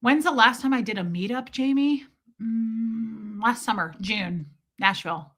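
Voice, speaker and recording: A woman from Nebraska telling a self-deprecating travel story on a live stream in a casual, animated way. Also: on the high side, a little slow. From Omaha, Nebraska, USA.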